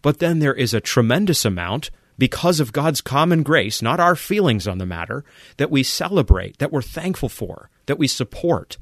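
A man's voice: medium pitch, very animated, normal speed, no room sound, studio quality. A man hosting a podcast, delivering an impassioned commentary monologue full of rhetorical questions and emphatic repetition. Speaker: podcast host.

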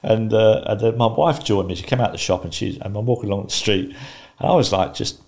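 A man in his fifties, a guest on a podcast, telling a story calmly and wryly, often laughing. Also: fairly low pitch, brisk. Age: 50s. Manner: calm, wry, laughs while telling a story. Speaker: interview guest.

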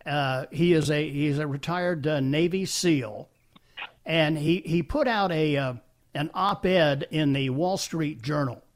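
Man, radio host, somewhat high-pitched, opinionated, questioning. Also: slow pace. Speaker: radio talk show host. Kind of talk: call-in radio talk.

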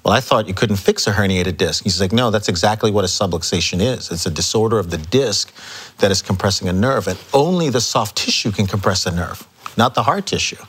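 A man telling stories as an interview guest, acting out quoted dialogue with lively energy. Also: on the low side, brisk, breathy edge. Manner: animated storyteller, acts out quoted dialogue. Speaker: chiropractor guest. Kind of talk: casual storytelling interview.

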